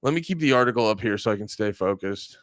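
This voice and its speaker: A man's voice: lowish voice, animated, fast, a bit bright, no echo, clean studio sound. A man hosting a casual livestream, rambling and joking with frequent swearing while talking straight to his chat. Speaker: livestream host.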